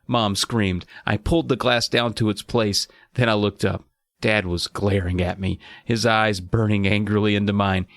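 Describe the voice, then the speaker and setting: A man's voice: on the low side, fairly even intonation, normal speed, dry recording. Man, podcast host, casual chat, reads passages aloud, enthusiastic, dry close sound.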